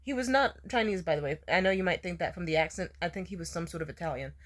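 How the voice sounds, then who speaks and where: A woman's voice: low-pitched, very fast. Hungover young woman rambling a story. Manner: rambling, laughing, swearing freely. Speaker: vlogger. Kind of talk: casual storytime rant.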